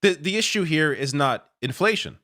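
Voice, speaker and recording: A man's voice: on the high side, animated, normal speed, pushed and bright. A man commenting on news clips, sarcastic and exasperated, often laughing in disbelief. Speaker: political commentator.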